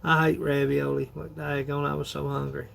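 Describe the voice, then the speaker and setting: A man's voice: a little high, flat delivery, normal speed, vocal fry, fairly bright tone, a little hiss or hum. A man, chatting casually on a phone livestream in a rambling, folksy way, laughing often. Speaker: livestream host.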